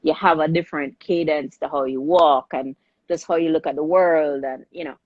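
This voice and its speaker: A middle-aged filmmaker with a low voice is a guest in a relaxed, casual interview, telling her story energetically at normal speed and often restarting mid-sentence. The recording is dry, slightly muffled, with no room sound.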